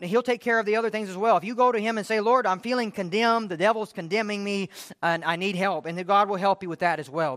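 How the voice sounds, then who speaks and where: A man's voice: high voice, a bit bright, dry recording, studio quality. A man preaching a sermon in an earnest way, asking many rhetorical questions.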